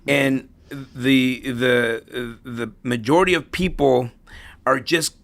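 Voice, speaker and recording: A middle-aged man talks as a guest in a relaxed interview, his voice rough with vocal fry and sitting at a medium pitch. He tells stories and checks in with the listener by asking "right?" after his points. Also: slow. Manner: storytelling, tags points with "right?". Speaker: interview guest, real estate investor. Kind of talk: casual conversational interview.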